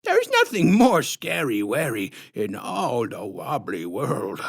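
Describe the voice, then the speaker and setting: A man reading his storybook aloud, voicing a creepy, drooling old woman counselor whose squeaky baby talk slides into a dark hiss. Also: huge pitch swings, slow pace, vocal fry, breathy edge, heavily acted. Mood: menacing.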